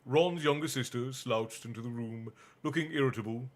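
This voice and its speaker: A man's voice: mid-range voice, normal speed. Laid-back guy reading a bedtime story on stream, chats with viewers between pages. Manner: relaxed, chatty, answers the chat aloud. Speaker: stream host and reader. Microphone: streaming mic.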